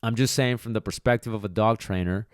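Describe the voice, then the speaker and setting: A man's voice: fairly low pitch, steady tone, fairly quick, smooth, dry recording, studio quality. A man who trains dogs, hosting a podcast monologue and speaking bluntly and emphatically, with casual swearing. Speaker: dog trainer, podcast host.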